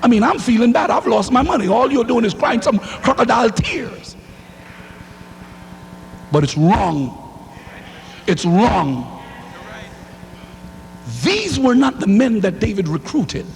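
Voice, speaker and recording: A man preaches with fire, his high voice leaping up and down and breaking into shouts. His tone is gravelly, and it rings out with a long hall reverb over a faint hum. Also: animated, normal speed, hardly any pauses. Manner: fiery, rising to shouts, call-and-response. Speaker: pastor. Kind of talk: sermon. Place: church sanctuary.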